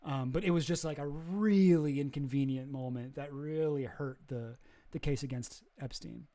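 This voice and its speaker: A man's voice: fairly high pitch, moderate pace, mellow. A man streaming casual commentary, rambling and hesitant, swearing freely.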